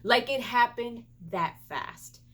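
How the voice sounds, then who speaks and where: A beauty and gaming vlogger tells a personal story with emotion and animation, repeatedly stumbling and restarting before it turns into an indignant, scolding rant. Her voice is on the high side and her pace is slow.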